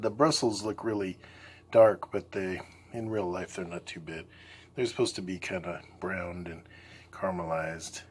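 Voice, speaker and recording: A man's voice: sits low, breathy edge. A man hosting a home cooking video, casually walking through each step and admiring the food. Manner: easygoing, keeps calling the food beautiful. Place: home kitchen.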